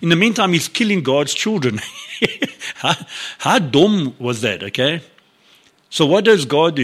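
Animated preaching man. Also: a little high, normal speed. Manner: animated storytelling, acts out biblical dialogue with laughs. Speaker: pastor. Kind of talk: sermon.

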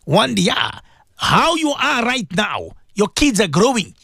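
A man's voice: high-pitched, big pitch swings, measured pace, gravelly, sharp tone, dry recording, clean studio sound. A man hosting an Islamic radio show, preaching with passion, asking rhetorical questions and repeating himself for emphasis. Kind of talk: impassioned religious radio talk.

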